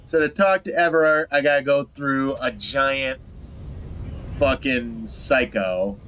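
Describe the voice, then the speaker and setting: A man's voice: mid-range voice, slow, a bit bright, a little hiss or hum. A man commentating casually over a video game, reading its text aloud with wry, swearing asides. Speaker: game streamer. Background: game music.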